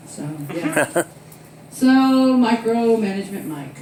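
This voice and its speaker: A woman performing a stand-up comedy set in a club, telling stories with loud acted-out quotes. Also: mid-range voice, lively intonation, slow pace, long pauses, distant mic, a little hiss or hum. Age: 60s. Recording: very echoey room, voice off-mic.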